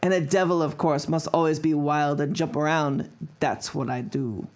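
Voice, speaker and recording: A podcast host putting on an exaggerated German accent to play a bragging German man, loud and laughing. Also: medium pitch, steady tone, normal speed, slight background noise, close to an everyday voice. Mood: hammy. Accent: put-on German accent. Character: hammy German man bragging, over the top.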